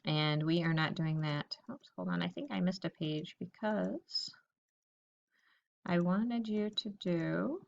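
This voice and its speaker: A woman teacher giving a recorded lesson to young children, reading example sentences slowly and thinking aloud about each one. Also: fairly low pitch, gravelly, muffled recording.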